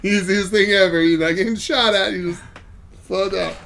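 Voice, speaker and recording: A man in casual gaming chat, telling stories in an animated way and laughing often, with a faint noise behind him. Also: sits high, normal speed, creaky. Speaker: podcast host.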